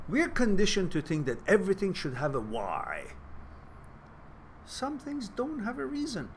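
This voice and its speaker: A man hosting a Q&A advice talk, blunt, profane and animated. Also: high voice, measured pace, slight background noise. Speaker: host and author giving advice.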